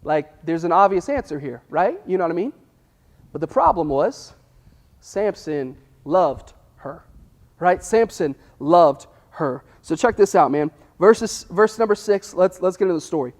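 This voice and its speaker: A man preaching a casual sermon, telling the story in a chatty, animated way and acting out the quotes. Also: high-pitched, fairly quick. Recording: long reverb in a hall.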